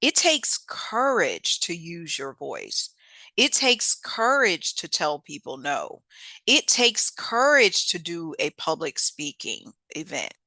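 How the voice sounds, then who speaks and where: A woman hosting a motivational self-help talk, lively and preachy, with casual speech. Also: on the low side, slow pace, no room sound. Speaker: host.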